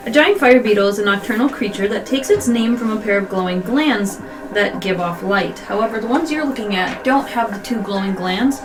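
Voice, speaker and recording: A woman's voice: medium pitch, brisk, far from the mic. A woman running a tabletop game as game master, reading creature descriptions and narrating scenes. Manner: reads descriptions aloud, laughs easily. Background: background music.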